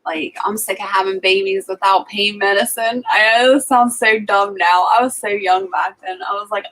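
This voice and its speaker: A woman's voice: mid-range voice, steady tone, normal speed, hardly any pauses, fairly bright tone, poor audio. A young woman co-hosting a livestream, chatting casually and telling personal stories with lots of "like" fillers. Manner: chatty storytelling, frequent "like" fillers. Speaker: livestream co-host. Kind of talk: casual chat.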